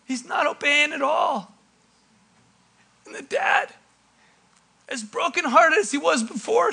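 Very high, bright-voiced preacher. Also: male voice, creaky. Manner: animated preaching, dramatic pauses, sudden loud bursts. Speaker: pastor. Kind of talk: sermon.

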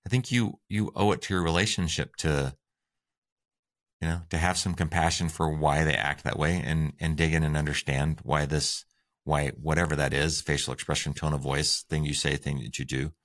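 Very deep-voiced man, upbeat co-host. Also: steady tone, moderate pace, a bit bright. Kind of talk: relationship advice podcast talk.

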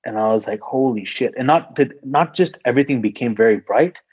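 A man's voice: mid-range voice, brisk, breathy edge, no room sound, lo-fi sound. A man in casual podcast talk, telling a personal story in a rambling way, full of "like" and freely swearing.

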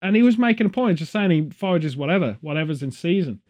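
A man hosts a loose podcast chat, rambling between stories and dropping jokey asides and puns. His voice sits a little higher than most men's. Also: lively intonation, fast talker, darkish tone. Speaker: podcast host. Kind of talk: casual chat.

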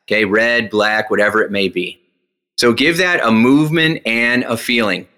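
Full of energy, this male guest, a hypnotist and speaker, animates his interview stories by performing what people said to him with large jumps in pitch. When instructing the breathing exercise, he becomes slow and guiding.

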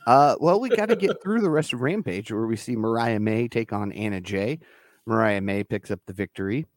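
A man's voice: on the low side, lively intonation, moderate pace, dry recording. A man co-hosting a podcast, recapping wrestling shows in a laid-back, casual way and laughing easily. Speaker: podcast co-host.

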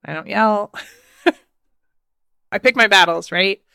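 A woman's voice: mid-range voice, takes it slowly, creaky, bright, forceful tone, clean tone, no room sound, clean studio sound. A woman in her thirties, a podcast host, telling a personal story in a casual, chatty way with frequent laughs and fillers. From United States.

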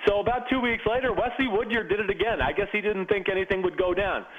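A man who played pro football, telling locker-room stories as a podcast guest in a lively, animated way. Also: high-pitched, quick pace, narrow, tinny audio. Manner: animated storyteller with restarts. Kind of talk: storytelling in casual chat.

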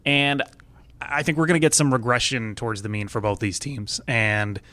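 A man in a mid-pitched voice hosts a casual sports betting chat. He thinks aloud as he talks and often restarts his sentences. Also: steady tone, moderate pace, sharp tone, no echo. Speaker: podcast host.

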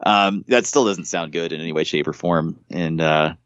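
A man's voice: low-pitched, normal speed, a bit bright, clean tone, no room sound, highs cut off. A man hosting a casual movie review podcast, blunt, profane and sarcastic. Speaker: podcast host.

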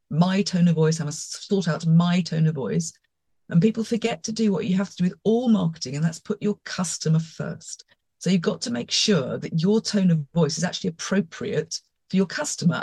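A woman co-hosting a podcast in casual chat, talking emphatically in quick, confident bursts. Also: lowish voice, mellow, breathy edge, no echo. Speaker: podcast co-host.

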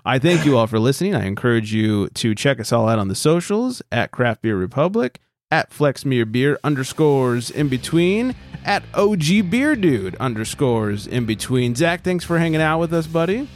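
A man's voice: medium pitch, big pitch swings, normal speed, few pauses. A man hosting a casual podcast, reading a news story and joking, laughing often. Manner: laughs often, puts on mock tough-guy voices. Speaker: podcast host.

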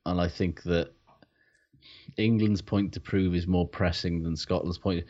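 A man's voice: low-pitched, fairly even intonation, unhurried, a little mellow. A man co-hosting a casual sports chat, laughing often and swearing freely. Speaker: podcast co-host. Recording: dull lo-fi sound.

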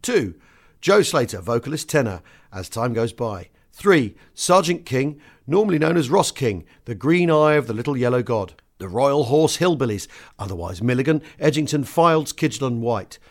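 A man hosting a podcast, reading a book extract aloud with lively swings in pitch and loudness. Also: moderate pace.

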